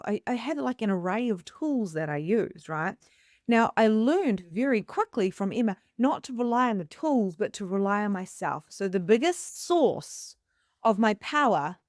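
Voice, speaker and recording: A woman's voice: medium pitch, no room sound, clean studio sound. A middle-aged woman, a psychic medium host, telling a story casually to the camera and acting out the voices she quotes. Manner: animated, acts out quoted voices.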